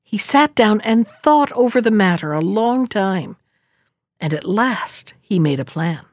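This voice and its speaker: A woman reading a fairy tale aloud in an expressive, unhurried storytelling manner. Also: medium pitch, no echo, clean studio sound.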